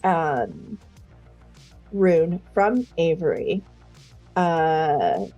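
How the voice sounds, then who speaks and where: A woman running a tabletop game as game master, narrating scenes with frequent ums and pauses. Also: deep voice, very animated, dark tone, highs cut off, faint music behind. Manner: hesitant, many ums.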